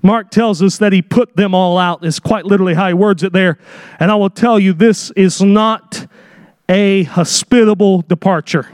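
High-voiced preacher with a dry, close sound. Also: male voice, measured pace, no room sound. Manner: dramatic, acts out voices, rising to shouts. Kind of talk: sermon.

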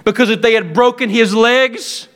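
Man, preacher, very high voice, sharp and bright, fervent sermon, stumbling restarts, building to shouts. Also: moderate pace. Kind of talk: impassioned sermon.

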